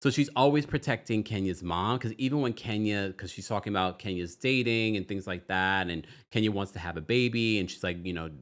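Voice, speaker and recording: A man's voice: on the low side, a little fast, few pauses, fairly bright tone. A man hosting a live stream, chatting casually and reading viewer comments aloud as he goes. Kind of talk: casual live recap chat.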